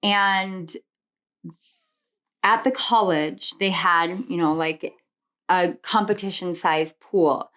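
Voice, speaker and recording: A woman's voice: lowish voice, slow pace, long pauses, a bit bright. A woman giving a spiritual pick-a-card tarot reading. She speaks earnestly and reassuringly, stacks affirmations in rhythmic lists and drifts into personal tangents. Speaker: tarot reader.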